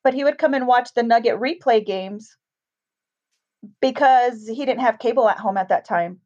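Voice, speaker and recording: Woman, middle-aged, storytelling, animated, higher pitch, lo-fi. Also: normal speed. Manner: animated, acts out quoted voices. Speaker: guest telling a ghost story. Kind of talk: casual storytelling. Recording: dull, lo-fi sound.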